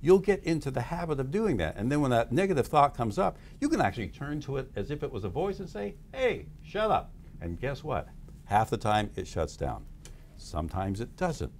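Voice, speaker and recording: Man, guest speaker, lively swooping voice, enthusiastic, explanatory. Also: medium pitch, a little fast, slight background noise. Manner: enthusiastic, acts out dialogues in different voices. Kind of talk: animated explanatory talk.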